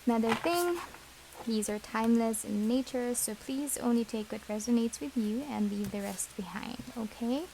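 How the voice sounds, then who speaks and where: A woman reads tarot cards for her viewers in a gentle, reassuring way, often pausing on fillers. Her voice sits a little high and has a gravelly edge. A faint hiss runs under the recording. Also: low-quality recording. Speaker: tarot reader. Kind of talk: pick-a-card tarot reading.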